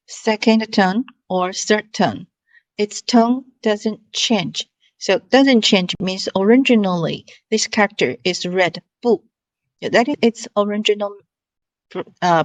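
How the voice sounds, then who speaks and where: Woman, language teacher, very slow, patient repetition, dry sound. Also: medium pitch, no echo. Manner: slow, patient, repeats syllables and tones. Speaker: Mandarin teacher. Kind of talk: online language lesson.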